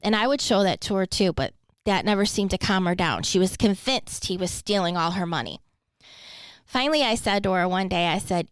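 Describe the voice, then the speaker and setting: A woman's voice: mid-range voice, normal speed, smooth, no echo. A middle-aged woman hosting a podcast, telling her own caregiving story in an earnest, heartfelt way. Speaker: podcast host, former caregiver. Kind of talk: personal reflective talk.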